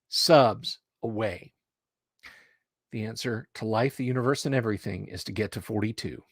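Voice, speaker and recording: A middle-aged man hosting a casual livestream, rambling and hyping up his viewers with lively storytelling. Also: medium pitch, moderate pace, no echo, studio quality. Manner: animated, hype-building and rambling. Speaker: livestream host.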